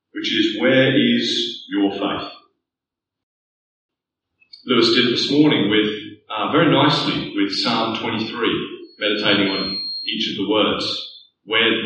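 A man with a lowish, bright voice preaches a sermon in a forceful, earnest tone, building toward rhetorical questions. He's picked up by a distant mic in an echoey church hall, with a little hiss or hum in the background.

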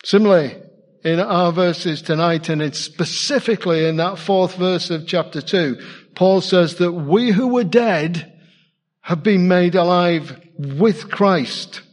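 A man's voice: sits high, long reverb tail. A man preaching a sermon in a church, conversational and asking his congregation questions. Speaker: pastor.

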